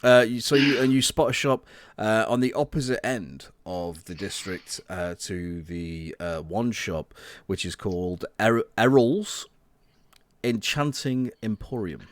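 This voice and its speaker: A man running an online tabletop game as game master, laid-back and quick to laugh, talking into a home mic on a video call. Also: lowish voice, no echo.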